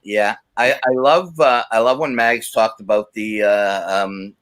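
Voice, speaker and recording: A man's voice: on the low side, measured pace, crowd noise. A man, a guest on a talk show, telling personal stories and acting out the voices in them. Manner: animated storytelling, acts out quotes. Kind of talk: casual chat.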